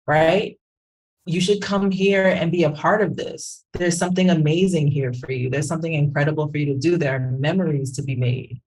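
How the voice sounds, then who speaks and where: A woman co-hosting a podcast, giving animated, conversational commentary and often checking in with "right?". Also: deep voice, rough recording. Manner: animated, keeps asking "right?". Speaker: podcast co-host, branding professional.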